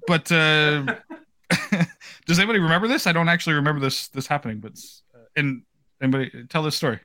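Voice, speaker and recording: A man's voice: on the high side, fast, bright, forceful tone. An American man hosting a podcast over a video call, telling rambling stories with frequent laughter. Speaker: podcast host. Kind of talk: casual chat.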